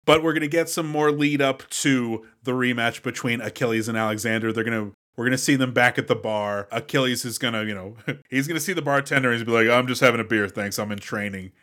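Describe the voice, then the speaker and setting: A man's voice: medium pitch, fast, a bit bright. A man co-hosting a podcast, mocking a movie in a dry, sarcastic way. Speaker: podcast co-host. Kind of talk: casual movie-review chat.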